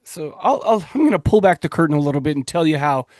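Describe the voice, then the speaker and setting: A man's voice: a little high, very animated, darkish tone, dry recording, clean studio sound. Joking, rambling podcast host man. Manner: joking, rambling, fast restarts. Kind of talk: casual chat.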